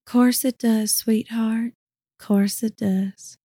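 A woman's voice: a little high, fairly even intonation, takes it slowly, dry recording, studio quality. A woman playing a sultry, coaxing seductress. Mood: seductive. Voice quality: soft and sultry, calls him honey and sugar. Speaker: voice actor. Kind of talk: audio drama acting.

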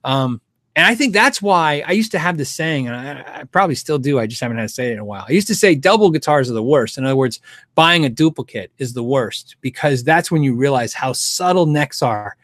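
A man's voice: mid-range voice, animated, a little fast, fairly bright tone, no room sound, studio quality. A middle-aged man hosting a casual livestream Q&A, rambling and thinking aloud with frequent restarts and chuckles. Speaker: guitar show host answering viewer questions.

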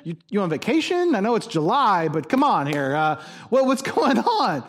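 A man's voice: high-pitched, wildly swooping pitch, normal speed, exaggerated voice. A man playing an exasperated, whiny Moses. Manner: whiny, slangy, incredulous. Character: exasperated Moses, grown man, griping casually at God.

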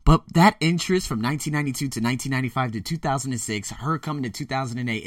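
A man's voice: mid-range voice, no echo, studio quality, distant mic. A man, telling rambling, self-mocking stories on his podcast. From the Bronx, New York. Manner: rambling, animated storytelling with self-mocking asides. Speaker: podcast host. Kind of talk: casual solo podcast monologue.

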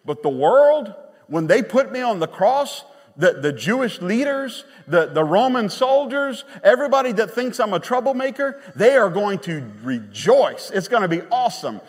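A man pastor preaching a sermon, emphatic and animated, with sudden quiet drops. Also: high voice, moderate pace. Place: church sanctuary. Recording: long church reverb.

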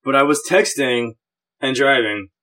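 A man's voice: medium pitch, measured pace, pushed and bright. A man co-hosting a podcast, telling a story in casual chat with an easygoing, hedging manner. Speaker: podcast co-host.

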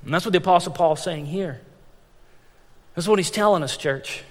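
High-pitched male pastor, lively storytelling sermon, long church-hall reverb. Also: moderate pace. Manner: animated, storytelling with frequent restarts and repetitions.

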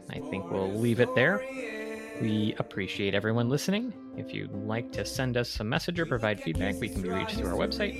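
A man's voice: mid-range voice, creaky. A man hosting a podcast in casual chat, telling stories in a dry, easygoing way. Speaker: podcast host.

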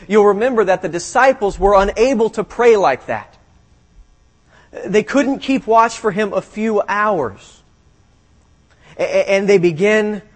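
Male pastor with a high voice, preaching a sermon with animated retelling and hushed emphasis. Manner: reads scripture, then retells it animatedly, drops low for emphasis.

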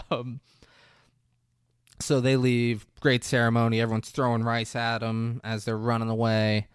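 A casual comedic movie recap comes from a podcast host who goes through the film scene by scene, animatedly voicing its characters and joking in a blunt, profane manner. His medium-pitched voice is smooth and a little slow, captured in a dry, clean studio recording.

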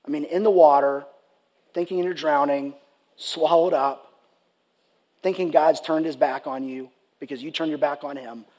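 A man's voice: fairly high pitch, steady tone, normal speed, a little mellow. A man preaching a sermon, earnest and conversational, often restarting his sentences. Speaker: pastor.

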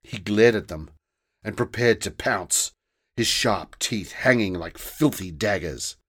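A man narrating a children's fantasy story in a slow, deliberate storytelling manner. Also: fairly low pitch, fairly bright tone, husky.

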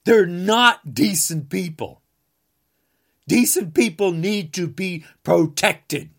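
A man from the United States, a podcaster, delivering an angry political rant, combative and repeating insults, sometimes bursting into shouts. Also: high voice, lively intonation, slow, gravelly, husky.

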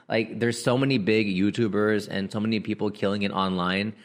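A young comedian with a somewhat low voice riffs casually to his listeners. He talks in slang, laughs mid-sentence and breaks into quick impressions of other people. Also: steady tone. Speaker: comedian podcast host. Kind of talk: casual comedic riffing monologue.

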